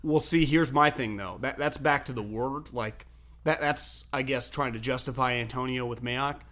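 A man co-hosting a sports talk show, telling stories in an animated, profane way and laughing often. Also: mid-range voice, moderate pace. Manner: animated storyteller, swears freely, laughs often. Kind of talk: casual sports debate chat.

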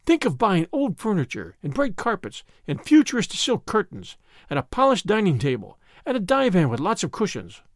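A playful young woman, teasing and bright, rising high and swooping all over, as a man reads her lines. She sounds like a character in an audiobook read in a dry, close room. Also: big pitch swings, fairly quick, dry recording. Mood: dreamy.

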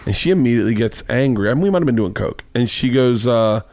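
A man's voice: mid-range voice, animated, fast talker, a little mellow, no echo. Guy rambling through a story on his podcast, dry close mic, voice in the middle. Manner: rambling anecdote, acts out quoted lines with profanity. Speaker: podcast host. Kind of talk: casual chat, storytelling. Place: home studio.

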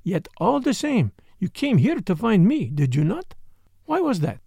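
A man voicing a clever older male detective who speaks gently and courteously. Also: sits high, wildly swooping pitch, measured pace, gravelly, husky, no room sound, studio quality, voice pushed up, heavily acted. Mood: gentle.

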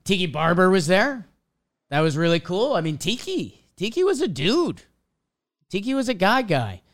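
A man's voice: high-pitched, normal speed. A young man telling a casual story as a podcast host, acting out little quotes as he goes. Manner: animated storytelling, acts out quotes.

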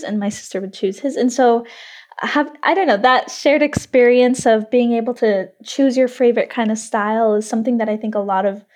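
Bright-voiced chatty woman guest. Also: fairly high pitch. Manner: lively, descriptive, with "like" and "um" fillers. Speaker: podcast guest. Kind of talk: casual podcast chat.

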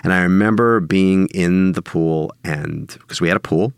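A man, a songwriter and producer, talking casually as an interview guest, telling lively stories and laughing often. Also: sits low, moderate pace, creaky, smooth, no echo, studio quality. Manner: animated storyteller, laughs often, mimics singers.

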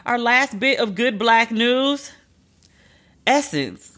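A woman hosting a podcast, giving candid, profane commentary with sharp swings of pitch for emphasis. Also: animated, slow pace. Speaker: podcast host. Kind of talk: casual commentary monologue.

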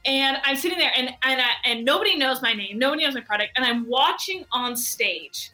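A woman guest telling a personal story in an animated, excitable way, peppering her speech with "like". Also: high voice, a little fast, soft background music. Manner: excitable, heavy use of "like". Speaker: guest entrepreneur.

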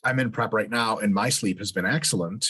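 A man's voice: on the low side, brisk, sharp tone, husky. A man hosting a podcast interview, talking casually with joking, profane asides. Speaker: podcast host.

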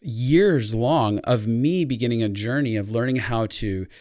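Speaking a little slowly in a medium-pitched, darkish voice, a life consultant tells an earnest, reflective personal story as a guest in a podcast interview. There's no room sound in the recording.

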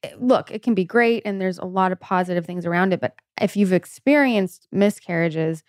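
A woman's voice: fairly low pitch, normal speed, no room sound, clean studio sound. A woman co-hosting a podcast, speaking in an earnest, supportive way and talking openly about personal experience. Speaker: podcast co-host. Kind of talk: conversational interview.

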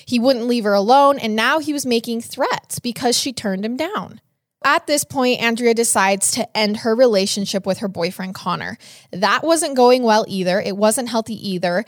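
A woman's voice: on the high side, moderate pace, no echo, clean studio sound. A young woman co-hosting a podcast, telling a true-crime case in a casual, chatty way with lots of "like.". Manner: chatty, animated, frequent "like". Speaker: podcast co-host.

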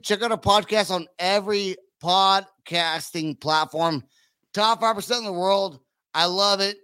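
A man hosting a podcast, chatting casually with excitable, profane rambling and lots of fillers. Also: high-pitched, dry recording. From United States. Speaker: podcast host.

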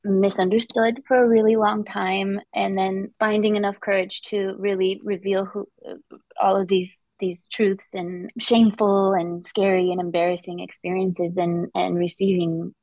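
A woman interview guest, speaking reflectively and openly, with halting restarts, on a close mic. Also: mid-range voice, little pitch movement, darkish tone, no echo, low-quality recording. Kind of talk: candid interview conversation.

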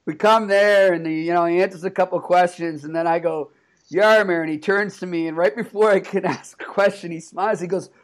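A man co-hosting a podcast, telling animated stories about a hockey player with lots of laughter and restarts. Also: high-pitched, fairly quick. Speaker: podcast co-host, hockey reporter. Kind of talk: casual storytelling chat.

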